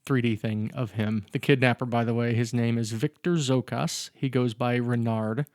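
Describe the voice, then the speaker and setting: A man's voice: medium pitch, steady tone, normal speed, darkish tone, no room sound, clean studio sound. Rambling man co-hosting a podcast. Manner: rambling, self-correcting, joking. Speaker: podcast co-host. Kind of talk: casual film discussion.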